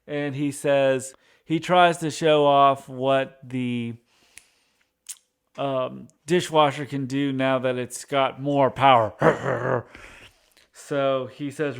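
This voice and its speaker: A man's voice: medium pitch, steady tone, creaky, clean tone. A man casually retelling a sitcom episode from memory, stumbling through restarts and fillers as he goes. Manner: halting, many restarts and fillers. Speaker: recapping a TV episode. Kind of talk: casual unscripted recap.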